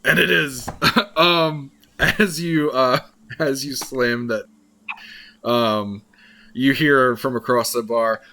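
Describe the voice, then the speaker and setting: A man's voice: medium pitch, fairly even intonation, slow, sharp tone. A man running a tabletop game as dungeon master, laughing often in casual talk.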